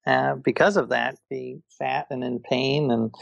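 A man with a heavily gravelly, creaky voice, chatting as a guest in an interview. He tells stories eagerly, often restarting his sentences. The sound is dry and close, with no room around it. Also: mid-range voice, steady tone, measured pace, no echo, highs cut off. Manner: enthusiastic storyteller with frequent restarts. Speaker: author and guest. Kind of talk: casual interview conversation.

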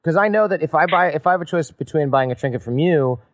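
A man's voice: a little high, lively intonation, quick pace. Conversational male podcast host. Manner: conversational, asks questions, jokes. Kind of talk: podcast interview.

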